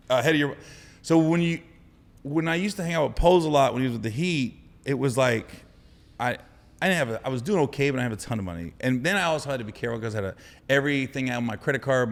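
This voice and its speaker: A man guest on a podcast, telling funny stories in a loud, animated way and acting out other voices. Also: mid-range voice, quick pace, in a large hall. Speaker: comedian guest. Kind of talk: casual podcast storytelling.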